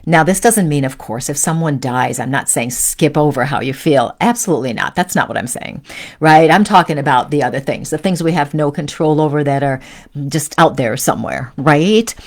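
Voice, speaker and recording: A woman hosts a live spiritual teaching stream, her low voice moving at normal speed. She coaches gently, frequently checking in with listeners by asking "right?" and "okay?".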